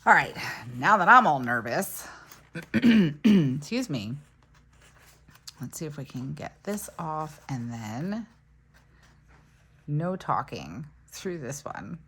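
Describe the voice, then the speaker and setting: A woman's voice: low-pitched, big pitch swings, takes it slowly, long pauses, fairly bright tone, a little hiss or hum. A woman planner vlogger chatting casually as she walks through each crafting step and laughs off her small mistakes. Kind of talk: casual crafting tutorial chat.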